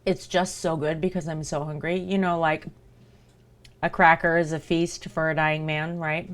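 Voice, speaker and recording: Woman streamer, casual chat, slightly low voice, talks between bites. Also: flat delivery, normal speed. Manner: chatty, talks to chat while eating. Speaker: livestreamer.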